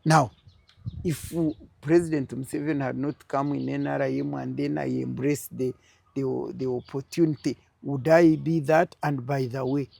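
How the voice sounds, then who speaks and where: A woman's voice: rumbling low, fairly even intonation, normal speed, creaky, warm tone. An older woman with a Ugandan accent, telling a political story as an interview guest with strong, emphatic feeling.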